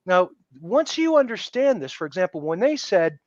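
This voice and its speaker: A man talking as a podcast guest in a casual interview, emphatic and animated, acting out the people he quotes. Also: sits high, fairly quick, hardly any pauses, dry recording, highs cut off.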